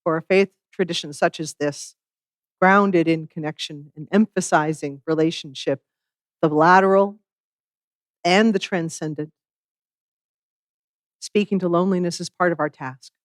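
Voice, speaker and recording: A minister giving a sermon in a measured, reflective way, with wry asides. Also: medium pitch, fairly even intonation, no echo, clean studio sound.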